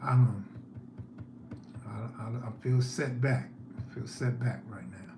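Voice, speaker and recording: Slow-talking man on a roomy live stream. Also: medium pitch, fairly even intonation, creaky, noisy background. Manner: laid-back storytelling, reads chat aloud. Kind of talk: casual live-stream chat.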